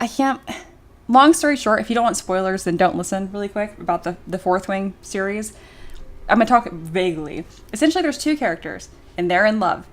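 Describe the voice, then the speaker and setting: A woman streamer chatting casually during a livestream and reading viewer comments aloud, animated and full of filler words, often giggling. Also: a little high. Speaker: streamer and miniature sculptor.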